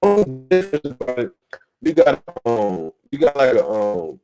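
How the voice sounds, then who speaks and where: A man's voice: mid-range voice, wildly swooping pitch, moderate pace, over music, rough recording. A young man on a talk show panel, giving heated, profane commentary full of repeated phrases and rhetorical questions. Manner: ranting, profane, repeats himself; rhetorical questions, "you feel me" fillers. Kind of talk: casual chat, heated commentary.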